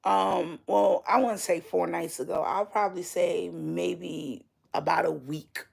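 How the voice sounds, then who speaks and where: A woman's voice: lowish voice, fairly even intonation, vocal fry, darkish tone, breathy edge. A woman telling a personal dream story casually and candidly, swearing freely as she talks. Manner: slow and drawn out. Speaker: vlogger.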